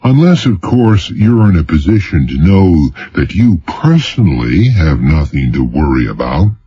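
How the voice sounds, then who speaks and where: Narrator doing sarcastic weary man, mocking, slow, husky, dull lo-fi. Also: extremely low pitch, very animated, dark tone, exaggerated voice. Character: sardonic mysterious male doctor, mocking and contemptuous.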